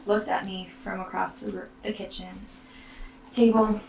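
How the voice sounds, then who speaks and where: A woman, a mother, tells her own story in a slow, soft and halting way, often near a whisper. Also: medium pitch, little pitch movement, gravelly. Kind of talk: personal storytelling. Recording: roomy, distant mic, faint background noise.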